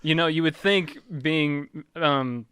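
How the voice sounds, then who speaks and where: A man's voice: a little high, slow pace, a bit bright, smooth, dry recording, clean studio sound. A man hosting a casual podcast, telling stories in a rambling way and laughing often. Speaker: podcast host.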